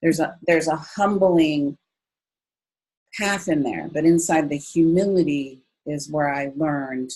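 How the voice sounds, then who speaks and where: A woman in her fifties, a guest in an interview, telling her story in an expressive way and jumping up high when she quotes herself. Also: slow, husky, rough recording. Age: 50s. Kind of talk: conversational storytelling.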